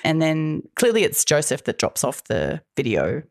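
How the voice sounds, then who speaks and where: A woman's voice: low-pitched, huge pitch swings, moderate pace, creaky, no room sound, studio quality. A woman co-hosting a podcast, recapping a TV episode in a chatty, wry way and laughing often. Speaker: podcast co-host. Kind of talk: casual TV recap chat.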